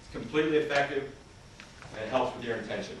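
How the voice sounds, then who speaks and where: A man of medium pitch talks fast as he presents an interactive seminar on communication, which is what he trains people in. Addressing a large conference hall, he asks the audience questions. The sound is echoey, with him far from the mic and a faint hiss of noise.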